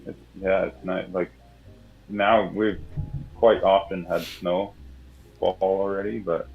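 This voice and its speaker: An easygoing Canadian man with a Canadian accent chats and laughs freely. His very deep voice has a gravelly edge, and it comes through thin and tinny like a phone line. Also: takes it slowly, faint music behind. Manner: easygoing, relaxed, laughs a lot. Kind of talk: casual chat.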